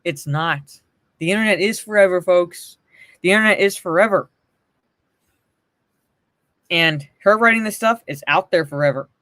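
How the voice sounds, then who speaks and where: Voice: mid-range voice, moderate pace, long pauses, pushed and bright, dry recording. Blunt swearing stream host, mocks stuff, reads chat, mid voice, dead dry room. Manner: blunt, profane, mocking; reads and answers chat messages. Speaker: livestream commentary host. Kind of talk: casual commentary livestream.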